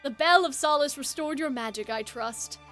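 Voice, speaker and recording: A woman voicing a calm, stately male fae prince with formal, measured speech in a game read-aloud. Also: high voice, no echo, soft background music. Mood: calm regal.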